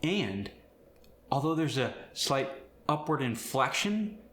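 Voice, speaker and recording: A man's voice: mid-range voice, sing-song, takes it slowly, a bit bright, echoey room. A man teaching an accent, explaining sounds and demonstrating example phrases. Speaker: accent coach. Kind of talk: scripted accent lesson.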